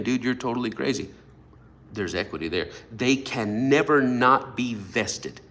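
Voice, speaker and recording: A man's voice: fairly low pitch, a bit bright. A middle-aged man preaching a sermon, talking animatedly and acting out the voices of people he quotes. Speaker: pastor.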